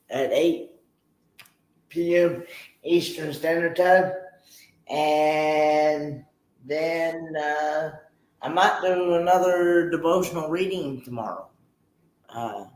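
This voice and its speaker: Very slow-talking man in an echoey room. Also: a little high, fairly bright tone. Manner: unhurried, hesitant with fillers. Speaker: guest streamer. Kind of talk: casual chat.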